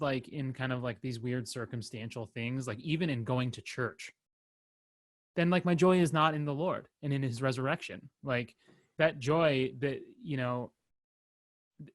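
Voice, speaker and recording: A young man co-hosting a podcast, talking in a rambling, halting way with lots of fillers and restarts and some wry self-deprecating humor. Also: mid-range voice, dry recording. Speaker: podcast co-host. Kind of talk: casual chat.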